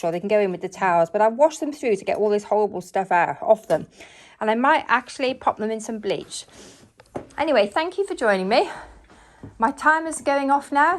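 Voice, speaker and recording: A middle-aged woman filming herself cleaning her bedroom, chatting to viewers in a homely way and a little out of breath from the work. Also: fairly high pitch. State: slightly out of breath from working. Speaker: cleaning vlogger. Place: bedroom at home, indoors.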